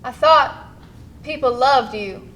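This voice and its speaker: A calm, caring woman with a soft, steady way of talking and a dry streak of humor, played by a young actress on stage. Her voice sits high for a woman. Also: takes it slowly. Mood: gentle. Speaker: stage actor. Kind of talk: live stage play acting.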